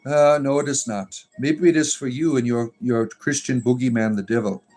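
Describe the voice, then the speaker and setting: A man's voice: mid-range voice, steady tone, moderate pace, a little mellow. Exasperated man answering a live chat. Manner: exasperated, sarcastic, with many fillers. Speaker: pagan clergy livestream host. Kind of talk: livestream reading and answering chat comments.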